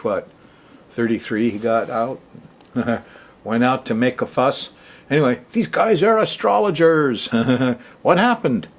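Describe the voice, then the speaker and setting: A man's voice: on the low side, a little hiss or hum. A man hosting an astrology television show, talking casually to the camera with frequent chuckles and rambling asides. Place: Hawaii.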